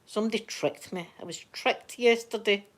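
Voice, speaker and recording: A woman's voice: medium pitch, moderate pace. Scottish lady chatting away on a live stream, rambly stories, lots of laughing. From Scotland. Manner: chatty, rambling storyteller who laughs a lot. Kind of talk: casual live-stream chat.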